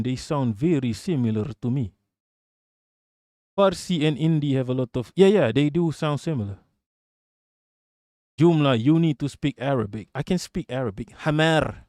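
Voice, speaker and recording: A man's voice: medium pitch, mellow, dry recording, clean studio sound. Profane, rambling male streamer. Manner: profane, rambling, laughs often. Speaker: streamer host. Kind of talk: casual livestream commentary.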